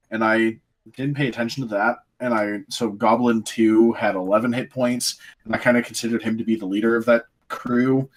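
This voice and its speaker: A man acting as game master, calmly counting out loot and explaining rules, with frequent apologies. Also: medium pitch. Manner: unhurried, counts things out, apologetic. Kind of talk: running a tabletop game.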